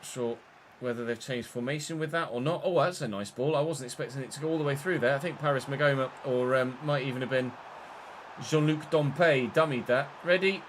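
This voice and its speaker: A young man streaming live, chatting through his football game and breaking into excited shouts between muttered asides. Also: medium pitch, brisk, slight background noise. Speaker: gaming streamer.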